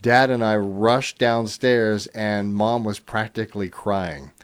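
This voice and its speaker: On his call-in radio program, this middle-aged host reads out listeners' stories slowly in a lowish voice. His delivery is laid-back and full of chuckles and casual filler words.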